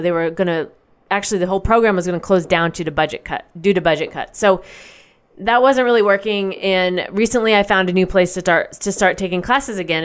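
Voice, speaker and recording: Candid woman with a smooth voice. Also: lowish voice. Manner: candid, casual, with frequent fillers and swearing. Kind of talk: personal storytelling to listeners.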